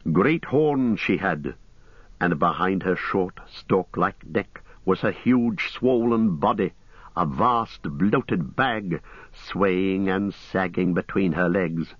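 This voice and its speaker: Deep-voiced man narrating an audiobook. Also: expressive, slightly rough, no room sound, lo-fi sound. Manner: measured, grave and deliberate. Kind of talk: scripted dramatic narration.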